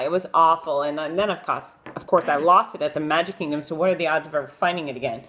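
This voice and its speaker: A woman's voice: fast talker, hardly any pauses. A woman vlogger casually telling stories about interviewing celebrities, chatty and self-deprecating, with many fillers. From Florida. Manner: chatty and animated, acting out quotes in a high voice. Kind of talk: casual live-stream storytelling.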